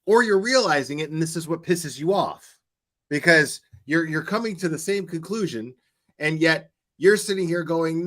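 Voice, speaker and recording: A man's voice: fairly high pitch, lively intonation, normal speed, a bit bright. Blunt, profane male commentator. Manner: blunt and profane, repeats points heatedly. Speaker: commentary channel host. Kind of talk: reaction commentary.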